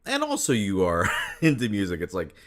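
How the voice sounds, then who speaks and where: A man hosting a podcast, chatting casually with a guest in a relaxed, rambling way with frequent laughs. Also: on the low side, normal speed. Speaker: podcast host. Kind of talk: casual interview chat.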